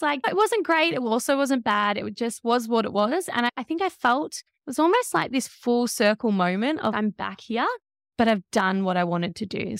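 A woman in her thirties, a podcast guest, telling her story in an emotional, animated way. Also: on the high side, no room sound, clean studio sound. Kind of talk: conversational interview.

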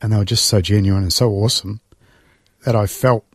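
A middle-aged man tells his own story as an interview guest, his low voice catching with feeling and breaking into sighs and restarts. The sound is dry and close, with no room around it. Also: fairly even intonation, husky, dry recording. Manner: emotional, reflective storytelling with sighs and halting restarts. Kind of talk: personal testimony in conversation.

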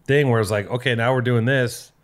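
A man's voice: mid-range voice, fairly even intonation, a little fast. Laid-back man chiming in. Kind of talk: casual chat.

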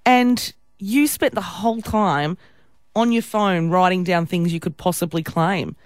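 A woman, co-hosting a breakfast radio show, exasperated and quick to scold her co-host. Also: fairly low pitch, dry recording, studio quality, soft background music. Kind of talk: casual radio banter.

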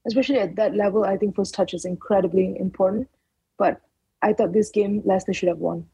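Woman on a football panel, super breathy mellow voice, calm match breakdown. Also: medium pitch, fast, no room sound, poor audio. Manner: even, thoughtful match analysis.

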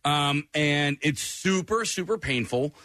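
A man's voice: a little high, expressive, takes it slowly, pushed and bright. A man co-hosting a morning radio show, telling anecdotes with dry humor. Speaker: radio co-host.

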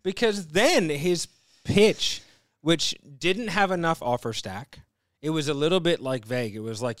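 A man's voice: fairly high pitch, unhurried, dry recording, studio quality. A man in casual conversation, retelling a story bluntly with lots of swearing. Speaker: podcast co-host. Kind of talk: casual chat.

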